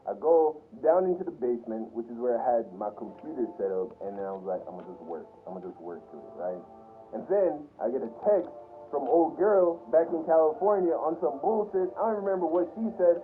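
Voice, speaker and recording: A young man, a YouTuber, telling a personal story in a casual, animated, profane way. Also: on the high side, brisk, faint music behind. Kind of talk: storytime vlog. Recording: tinny phone-like sound with faint hiss.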